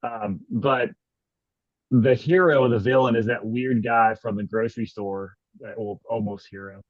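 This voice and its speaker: A man co-hosting a podcast in casual chat, retelling scenes in a rambling, animated way with lots of "like"s. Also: mid-range voice, a little slow, dry recording. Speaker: podcast co-host. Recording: dull lo-fi sound.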